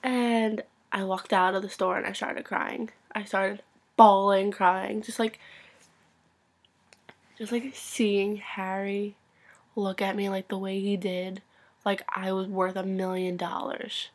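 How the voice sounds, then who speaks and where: A young woman telling an excited story for her vlog, gushing and full of "like," sometimes dropping to a whisper. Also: medium pitch, takes it slowly. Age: young adult. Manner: gushing, breathless, constant "like" filler; swings between loud excitement and hushed whispers. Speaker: vlogger.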